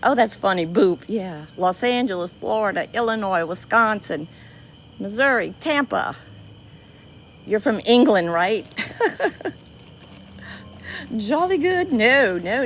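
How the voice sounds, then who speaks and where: A woman's voice: mid-range voice, a little hiss or hum. Cajun woman chatting on a swamp livestream. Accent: Cajun, South Louisiana. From South Louisiana. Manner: chatty, lots of restarts and y'all, laughs easily. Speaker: livestream host. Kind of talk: casual livestream chat with viewers. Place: outdoors by a swamp river at night.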